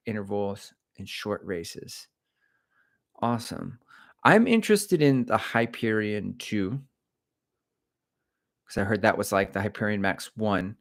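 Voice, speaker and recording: A middle-aged man with a lowish voice talks on a casual livestream as a running coach. He rambles from one aside to the next and airs his opinions freely. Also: a bit bright. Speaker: running coach and channel host.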